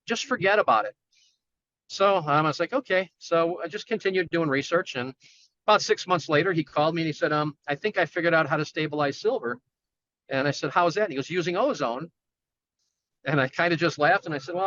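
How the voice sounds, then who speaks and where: A man's voice: a little high, pushed and bright, muffled recording, a little hiss or hum. A man telling a long personal story as a guest in casual talk, acting out the people he quotes in a raised voice. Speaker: guest, general contractor.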